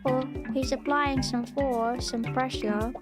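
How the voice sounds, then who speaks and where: Brief: giggly woman VTuber, high voice, reacting on stream. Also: slow, over loud music. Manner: excitable, giggly, chatty. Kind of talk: reacting to videos on a live stream.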